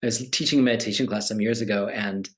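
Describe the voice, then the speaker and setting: A man's voice: fairly low pitch, fairly even intonation, quick pace. A man in his forties, a meditation teacher, talking casually and animatedly, acting out the voices of people he quotes. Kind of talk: conversational talk.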